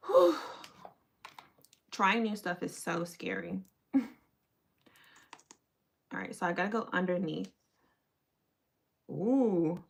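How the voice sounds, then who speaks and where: A woman's voice: fairly low pitch, fairly even intonation, a little slow, gravelly, pauses often, a bit bright. A young adult woman chatting casually with viewers on a livestream while doing her makeup.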